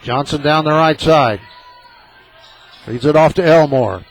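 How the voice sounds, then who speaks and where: A man calls a high school basketball game for a small local radio station, rooting openly for his team. His voice sits a little high and leaps up when the action heats up. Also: a little slow, low-quality recording. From southern Illinois. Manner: partisan, excitable, rises sharply on big plays. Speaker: play-by-play announcer.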